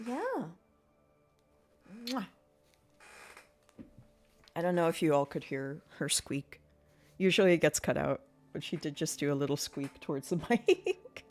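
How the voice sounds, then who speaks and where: A woman's voice: sits low, moderate pace, a little mellow. A woman streamer chatting casually and playfully to her viewers while she plays a game, often breaking into giggles. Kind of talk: casual live-stream chat while gaming.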